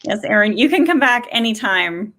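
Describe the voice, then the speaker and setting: Casting note: woman host, chatty and rambling, a bright, forceful voice. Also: on the high side, lively intonation, normal speed. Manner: chatty, laughing, rambling with fillers. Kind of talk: casual chat.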